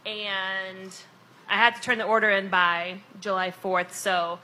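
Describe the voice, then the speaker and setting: A woman's voice: mid-range voice, little pitch movement, unhurried, sharp tone. A woman in her thirties co-hosting a casual podcast chat, chatty and a little tipsy, laughing as she talks. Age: 30s. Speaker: podcast co-host and event organizer.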